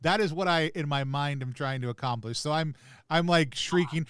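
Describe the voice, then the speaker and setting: A man at a tabletop game talks in an animated, rambling way. His voice is smooth and slightly high for a man. The sound is dry and close. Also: normal speed, no echo. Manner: animated, rambling, laughs often. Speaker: player. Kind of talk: tabletop role-play chat.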